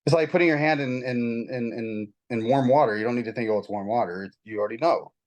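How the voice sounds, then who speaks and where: A man in casual spiritual conversation, telling his story in a rambling, animated way with many restarts. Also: medium pitch, fast, poor audio. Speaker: guest.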